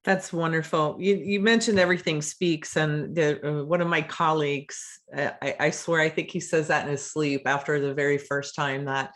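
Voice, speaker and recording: A podcast host in casual interview chat, chatty and animated, often restarting words mid-sentence. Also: medium pitch, normal speed, few pauses.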